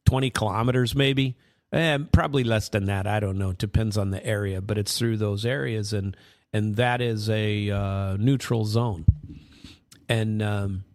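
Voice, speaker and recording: A man's voice: lowish voice, no echo, studio quality. A man hosting casual political commentary, rambling with sarcastic asides. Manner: rambling, many fillers and restarts, sarcastic asides. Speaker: host.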